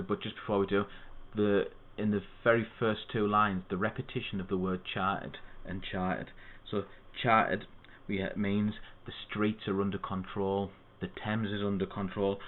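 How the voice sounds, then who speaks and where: A man explains a poem to students in a steady, methodical way, now and then stopping for an aside. His voice sits a little low. The sound is thin and tinny, as if it came down a phone line. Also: slight background noise. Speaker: English literature tutor.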